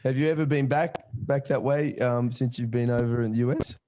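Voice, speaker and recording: A man's voice: mid-range voice, steady tone, fairly quick, warm tone, no room sound. A man hosting a podcast, asking the guest questions in a casual chat with short back-channel replies. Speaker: podcast host.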